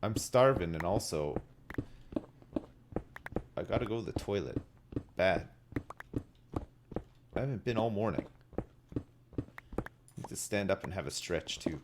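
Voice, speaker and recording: A man's voice: low-pitched, expressive, a little slow, pauses often, noisy background. A man in his thirties streaming a game live, joking and rambling to his chat. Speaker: livestreamer. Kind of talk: casual live-stream chat while gaming. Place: home gaming setup.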